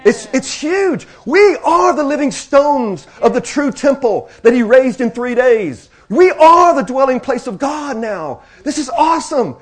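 With a very high-pitched, slightly rough voice, a preacher addresses his congregation, moving from slow, hushed stretches up to loud, excited outbursts and repeating phrases to drive points home.

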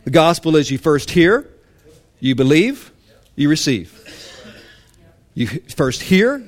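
A man preaching a sermon to a congregation with impassioned emphasis that drops to hushed intensity. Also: fairly high pitch, sing-song, takes it slowly. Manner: mock-indignant voice for a legalist's complaint.

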